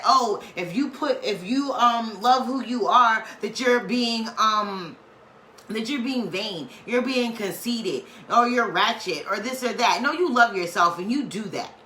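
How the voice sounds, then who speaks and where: A woman's voice: on the high side, unhurried, sharp tone. A woman giving a casual weekly spiritual reading, talking in an emphatic, preachy, slangy and playful way. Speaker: spiritual tarot reader. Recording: echoey room, faint background noise.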